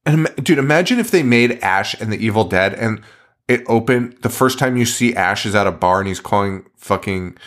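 A man's voice: on the low side, lively intonation, a little fast, a bit bright. Profane, laughing man recapping a movie. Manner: profane, laughing, incredulous storytelling. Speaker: podcast host. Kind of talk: casual movie recap chat.

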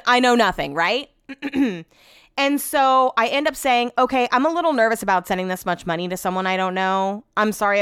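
A woman's voice: medium pitch, a bit bright, clean tone, dry recording, studio quality. A woman hosting a podcast, telling a story in a casual, rambling way, full of "like"s and frank swearing. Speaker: podcast host.

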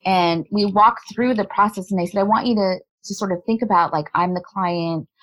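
A woman in a remote interview, a body language specialist, explaining her points in a lively way and laughing often. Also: mid-range voice, moderate pace, rough recording. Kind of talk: conversational interview.

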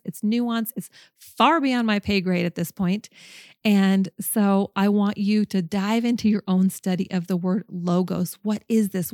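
A woman's voice: medium pitch, dark tone, no echo, clean studio sound. A woman hosting a podcast, teaching a Bible study in an earnest, enthusiastic and emphatic way, speaking into a microphone. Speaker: podcast host.

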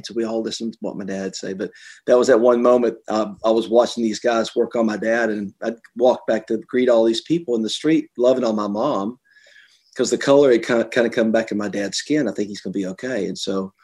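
A middle-aged man, an author being interviewed, telling personal stories earnestly and getting animated when he quotes others. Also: lowish voice, brisk, slightly rough. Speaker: author and guest. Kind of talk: conversational interview.

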